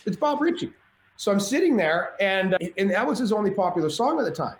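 A man telling a wild party story as a podcast guest, animated and profane, often restarting his sentences, at home. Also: high-pitched, fairly quick. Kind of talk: casual storytelling. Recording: echoey room with faint background noise.

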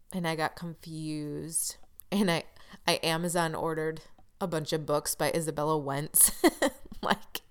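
A woman's voice: lowish voice, a bit bright, clear, resonant tone. A woman telling a personal story in a candid, frustrated way, with wry asides.

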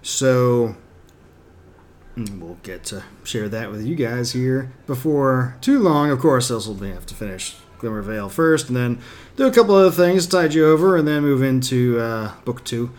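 Relaxed male host, chatty, unscripted intro, ordinary pitch. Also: normal speed. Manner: relaxed, filler-heavy. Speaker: author and podcast host. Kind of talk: casual spoken intro.

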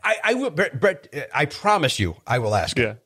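A man, telling stories as a podcast guest in an animated, joking way. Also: fairly high pitch, slightly rough. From South Side of Chicago. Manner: animated storyteller, quick jokey asides. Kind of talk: casual chat.

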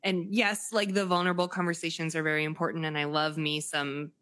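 Blunt, low-voiced woman podcast host. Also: level tone, fairly quick, fairly bright tone. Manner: candid and blunt, swears casually. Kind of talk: casual podcast conversation.

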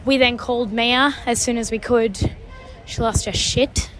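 A woman's voice: a little high, fairly even intonation, measured pace, fairly bright tone, a little hiss or hum. A young woman co-hosting a podcast, recording a chatty message in a wry, self-deprecating way. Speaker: podcast co-host.

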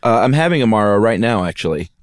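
A man co-hosting a podcast in casual chat, relaxed and quick to laugh. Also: fairly low pitch, dry recording, clean studio sound. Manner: relaxed, laughs easily, sings goofy jingles. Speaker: podcast co-host.

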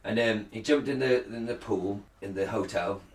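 A man's voice: fairly low pitch, normal speed, a little mellow. A British man co-hosting a podcast, in casual chat as a sweary, laughing, rambling storyteller. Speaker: podcast co-host. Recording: roomy sound, distant mic.

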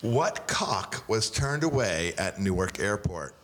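A man hosting a comedy panel quiz, teasing the players and reading each question slowly for effect. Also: lowish voice, very animated, a bit bright, a little hiss or hum. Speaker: quiz host.

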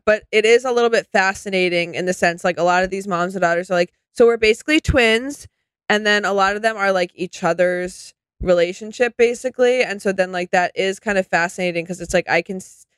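A woman's voice: lowish voice, clear, resonant tone, no room sound. A woman co-hosting a podcast, rambling enthusiastically in casual chat about reality TV. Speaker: podcast co-host.

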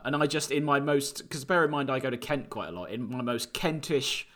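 A man in his thirties co-hosting a comedy podcast, telling stories in a dry, deadpan way. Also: mid-range voice, fairly quick, few pauses. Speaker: podcast co-host. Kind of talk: casual comedic storytelling.

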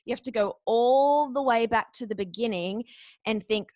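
A woman's voice: on the high side, dry recording. An Australian woman in her forties talks with bubbly, upbeat energy. She explains her work like the seasoned radio announcer she was. The recording is dry and close, with no room sound. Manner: energetic, quick and enthusiastic. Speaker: podcast guest booker. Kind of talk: interview answers.

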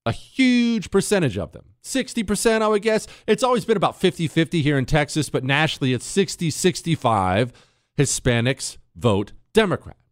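This combative American talk radio host, middle-aged, rambles through a sarcastic, opinionated monologue full of restarts and asides. His slightly high voice swings widely in pitch at normal speed, and the studio recording is dry.

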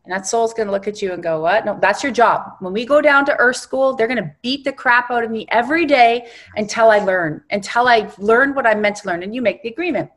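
A woman reverend, a guest on an interview show, telling a spiritual guided exercise with emphatic, animated storytelling. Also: a little high, quick pace, few pauses.

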